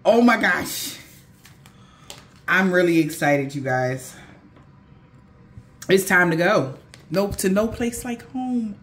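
A woman giving a casual spiritual tarot reading, excitable and often gasping and exclaiming. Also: fairly low pitch, takes it slowly, pauses often. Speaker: tarot card reader.

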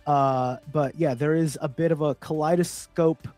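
A man co-hosting a live-streamed talk show, improvising a mock report with many pauses and fillers. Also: fairly high pitch, fairly even intonation, a little mellow, faint music behind. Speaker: podcast co-host. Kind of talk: casual chat, mock weather report.

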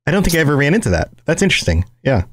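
A man co-hosting a podcast, casually thinking aloud about game lore in a relaxed way. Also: fairly high pitch, rapid-fire, slightly rough, no echo. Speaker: podcast co-host.

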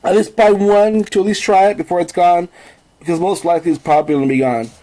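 A man's voice: high voice, steady tone, quick pace, warm tone, rough recording. A man with a congested voice from a cold, hosting a casual family taste-test video and chatting easily to his viewers. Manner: easygoing, rambling, talks to viewers as "guys". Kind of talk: casual home video chat.

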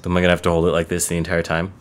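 A man in casual gameplay commentary, reacting with quick exclamations, on a microphone with a buzz. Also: sits low, monotone, slight background noise. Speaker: let's play co-host. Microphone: buzzing microphone.

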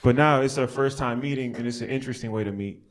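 A man's voice: medium pitch, quick pace, noisy background. A young American man doing stand-up comedy at a small live show. He talks loose and slangy, riffs on the crowd and laughs at his own jokes. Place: small outdoor alley show with an audience.

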